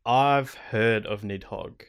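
A man's voice: on the low side, takes it slowly, clear, resonant tone. A young man co-hosting a gaming podcast, joking and reacting casually with plenty of swearing. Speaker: podcast co-host.

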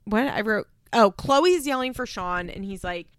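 A woman's voice: mid-range voice, expressive, moderate pace, clear, resonant tone, no echo, studio quality. A young adult woman hosting a podcast, chatting casually and sarcastically through a reality-TV recap with lots of rhetorical questions. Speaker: podcast host.

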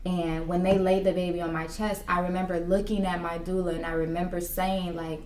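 A woman's voice: on the low side, flat delivery, fairly quick, hardly any pauses, a little mellow, slight background noise. A woman working as a doula, telling her story in an earnest, reflective way with many fillers. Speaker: doula, guest. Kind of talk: personal storytelling in an interview. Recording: roomy, from a distance.

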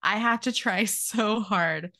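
A woman's voice: medium pitch, takes it slowly. A woman from Arizona with an American accent, a guest author chatting animatedly in a podcast interview. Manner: animated, self-deprecating, many likes. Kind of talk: casual interview chat.

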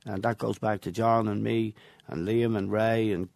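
A man's voice: on the low side, little pitch movement, moderate pace, creaky, darkish tone, no room sound. An older Irish man, a guest in an interview, telling anecdotes from his football past with chuckles between stories. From Ireland. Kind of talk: reminiscing interview.

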